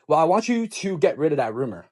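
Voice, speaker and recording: A stern teenage girl making flat, firm demands, as a man repeats her words. The voice sits at an ordinary middle pitch, low-key rather than theatrical. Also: brisk, close to an everyday voice.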